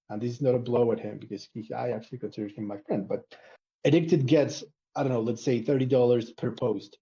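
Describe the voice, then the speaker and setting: In a casual online group discussion, a man on the community panel argues his point animatedly and emphatically. His voice is mid-range, and the sound is lo-fi.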